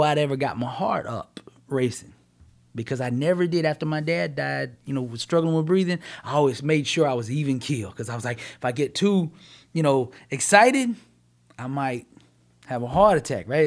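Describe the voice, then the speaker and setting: Guy telling his story, kinda high voice, lots of energy. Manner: animated storytelling, acts out quoted voices. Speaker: guest.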